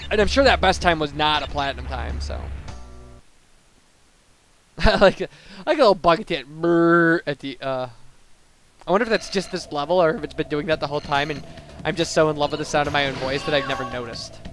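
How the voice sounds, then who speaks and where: Young male let's player, rambling and self-mocking, slightly high voice, game music behind. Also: a little fast, long pauses, a bit bright. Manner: rambling, chatty, self-deprecating, with many fillers. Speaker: let's play commentator. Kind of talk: casual gameplay commentary.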